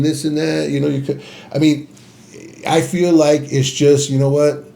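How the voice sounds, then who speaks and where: A man's voice: on the high side, fairly even intonation, normal speed, creaky, dark tone. A man co-hosting a podcast, talking in an emphatic, advice-giving way and repeating phrases for emphasis. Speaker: podcast co-host. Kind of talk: casual podcast conversation.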